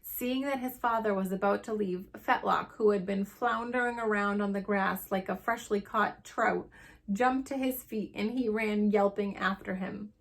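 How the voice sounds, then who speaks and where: A teacher reading a chapter book aloud to young children, with expressive storytelling. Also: female voice, medium pitch, normal speed, creaky.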